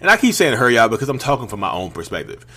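A man's voice: mid-range voice, wildly swooping pitch, very fast, bright, forceful tone, slightly rough. A man giving informal advice in a casual, conversational monologue, full of slang and frequent "you know what I mean?" tags. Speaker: vlogger and podcaster.

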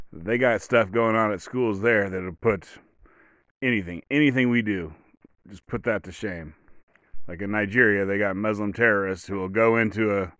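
A man's voice: fairly low pitch, fairly bright tone, no room sound, clean studio sound. A man hosting a podcast, talking in a rambling, blunt monologue that often restarts and corrects itself. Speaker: podcast host. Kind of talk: casual monologue.

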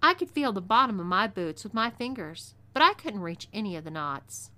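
A woman with a Texan twang narrating a scripted first-person western story with expressive delivery. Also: mid-range voice, normal speed. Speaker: narrator, audio story reader.

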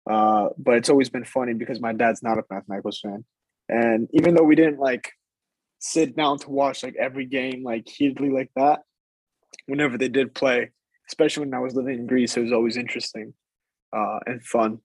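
A man's voice: medium pitch, fairly even intonation, a little fast, husky, dry recording, poor audio. A young man, a soccer player being interviewed, talking casually and hesitantly, with many fillers as he thinks aloud. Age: young adult.

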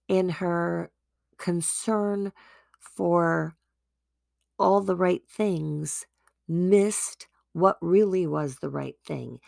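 A woman hosting a devotional podcast tells a Bible story in an earnest, chatty way. Her voice is low-pitched and heavily gravelly, and she speaks slowly. The recording is close and dry. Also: darkish tone, no room sound. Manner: earnest, conversational, with frequent restarts. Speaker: podcast host.

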